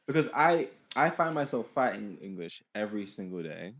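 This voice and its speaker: A man in his twenties co-hosting a podcast, rambling and self-mocking in casual chat with quick laughs. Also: lowish voice, sing-song, fairly bright tone. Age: 20s. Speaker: podcast co-host. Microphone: studio mic.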